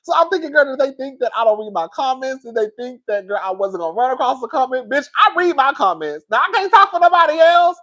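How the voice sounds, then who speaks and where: A woman talking casually to her viewers on a live stream, reading their comments and getting loud and excited when she is worked up. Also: fast, few pauses. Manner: animated, swings high and loud when worked up.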